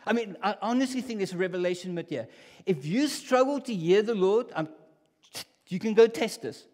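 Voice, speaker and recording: A man's voice: high-pitched, expressive, moderate pace. Conversational preacher man in a reverberant hall. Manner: conversational, swings from hushed to loud. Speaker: pastor. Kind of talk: sermon. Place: church hall.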